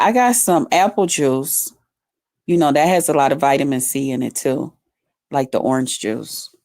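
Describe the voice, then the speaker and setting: Low, slow-talking chatty woman streamer. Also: gravelly, mellow, no room sound, studio quality. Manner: chatty, folksy, reads out viewer comments. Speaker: livestream host. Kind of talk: casual live-stream chat.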